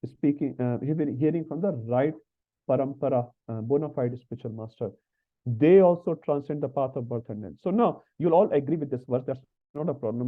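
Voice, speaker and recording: A man teaches a scripture class online, talking casually and dropping in little tag questions. His voice sits at an ordinary middle pitch. It comes through thin and phone-like, as on a video call. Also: fast. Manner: conversational, frequent tag questions. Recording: tinny phone-like call audio.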